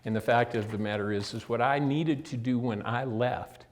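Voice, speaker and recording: A man's voice: mid-range voice, normal speed. An older man giving a motivational talk as guest speaker, telling folksy stories, acting out quoted dialogue and addressing his listeners directly. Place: prison meeting room.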